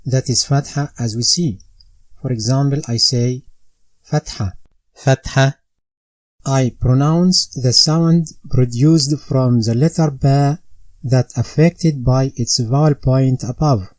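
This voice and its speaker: Slowly and deliberately, this Quran recitation teacher narrates a step-by-step lesson, repeating every drill sound twice for retention. His warm, mellow mid-range voice stays fairly even in intonation, captured close with no echo, but the audio is poor.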